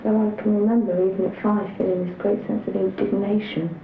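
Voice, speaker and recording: A woman's voice: mid-range voice, little pitch movement, fairly quick, vocal fry, reverberant, narrow, tinny audio, a little hiss or hum. A woman recalling her school days in a plain-spoken, reflective way for a documentary. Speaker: interviewee. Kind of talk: personal documentary recollection.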